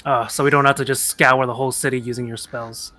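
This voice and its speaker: A man's voice: mid-range voice, flat delivery, fast, sharp tone. A man playing a tabletop game, chatting casually and slipping into character now and then. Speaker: player. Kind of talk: casual tabletop role-play.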